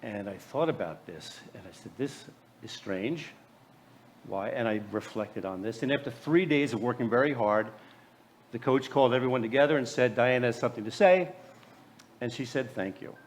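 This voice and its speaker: A man's voice: mid-range voice, fairly quick. An American man in his late sixties from New Jersey, telling personal stories in a keynote speech, often stumbling and repeating words. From USA. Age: 60s. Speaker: keynote speaker.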